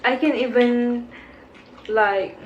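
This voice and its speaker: A young woman in casual chat over a meal, unhurried and soft-spoken. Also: a little high, fairly even intonation, slight background noise. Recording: echoey, slightly dull audio.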